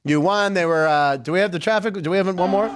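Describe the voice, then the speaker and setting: A man's voice: high voice, fast talker. A man hosting a sports podcast, chatting casually with wry, sarcastic asides.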